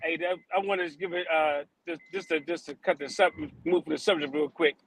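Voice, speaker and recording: A man with a high, bright voice jokes and teases during podcast banter. His lines are quick and playful. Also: steady tone, rough recording. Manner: joking, teasing. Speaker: podcast panelist. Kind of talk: casual banter. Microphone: earpiece.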